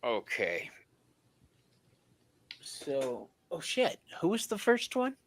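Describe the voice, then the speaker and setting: A man hosting a live tarot stream, joking and laughing often in an animated way. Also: on the high side, drawn-out words, a little hiss or hum. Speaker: tarot reader and stream host. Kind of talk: livestream tarot chat.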